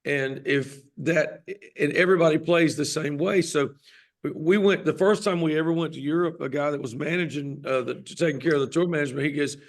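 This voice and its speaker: A man's voice: on the high side, brisk. A man with a Southern US accent, a touring musician talking easily in an interview. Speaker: touring band musician, guest. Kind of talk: casual interview chat.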